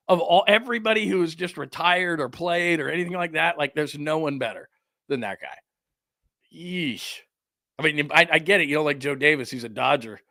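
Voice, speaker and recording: A sports radio host with a fairly bright, somewhat high voice rants heatedly and sarcastically, mocking others with put-on quotes. The recording is dry with clean studio sound.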